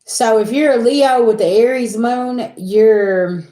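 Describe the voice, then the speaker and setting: A woman chatting casually with her viewers as a spiritual reader, animated and venting, swearing freely and calling them y'all. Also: on the high side, slow pace. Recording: roomy echo.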